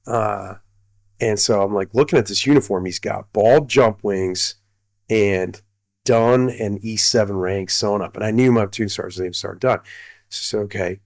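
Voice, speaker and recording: A man's voice: on the low side, fairly even intonation, normal speed, no room sound. A middle-aged man, a retired army colonel, telling a story casually, rambling with many fillers and restarts.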